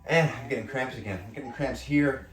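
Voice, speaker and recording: A man's voice: medium pitch, fairly quick, roomy sound. Groaning, whiny Australian man stretching. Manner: whiny, self-mocking, groaning through stretches. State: strained, out of breath. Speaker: fitness vlogger. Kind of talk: casual workout vlog.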